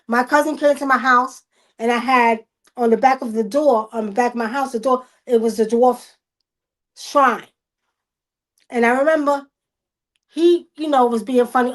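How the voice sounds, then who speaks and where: A woman, telling stories casually on a video call livestream, animated, loudly acting out the quotes. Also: a little high, normal speed, long pauses. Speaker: guest.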